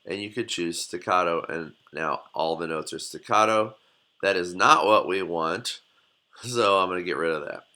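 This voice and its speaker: A man teaching students in a screen-recorded software tutorial, giving relaxed, folksy step-by-step instructions. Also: sits low, moderate pace. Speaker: music teacher.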